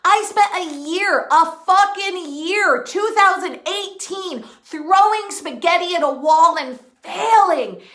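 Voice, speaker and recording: Woman, business coach, very high voice, blunt and swearing, echoey room. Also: slow, hardly any pauses, bright, forceful tone. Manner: blunt and profane, emphatic. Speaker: women's empowerment and business coach. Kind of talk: motivational monologue.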